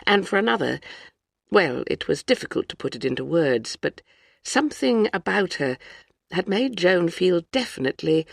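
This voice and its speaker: An audiobook narrator reads in a measured, even way. The voice has a gravelly, creaky texture. It is recorded dry and close, with no room echo. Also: medium pitch. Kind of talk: scripted narration.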